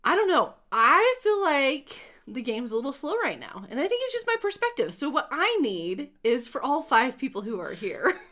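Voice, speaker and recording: A woman's voice: high voice, sing-song, moderate pace, bright, forceful tone. A woman co-hosting a casual gaming livestream, rambling and joking about herself with frequent giggles. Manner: giggly, rambling, self-deprecating.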